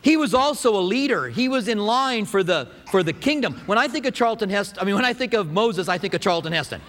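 A man preaching a sermon as pastor, lively and conversational, often asking the congregation questions. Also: sits high, fast, big-room sound.

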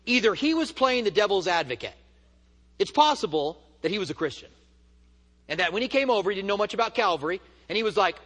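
A man's voice: high-pitched, big pitch swings, quick pace, a bit bright, in a large hall. A man teaching a church study, telling stories in an emphatic, rising preaching manner. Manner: storytelling, emphatic and rising when stirred. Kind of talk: sermon.

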